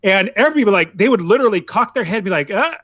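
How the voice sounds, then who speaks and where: A man's voice: high voice, expressive, racing, a bit bright, no room sound. A man co-hosting a casual movie podcast, telling stories in a rambling way, full of "like" and restarts. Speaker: podcast co-host.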